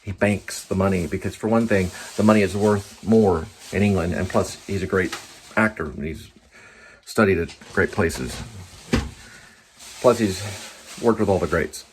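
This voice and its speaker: A man's voice: low-pitched, measured pace, long pauses, a little hiss or hum. A man rambling casually in a vlog, trailing off and talking to his cat as he goes. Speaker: vlogger.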